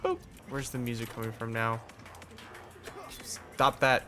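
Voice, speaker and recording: A man's voice: medium pitch, level tone, unhurried, pushed and bright, soft background music. A man hosting a gaming channel, giving sarcastic, wry commentary over his own gameplay.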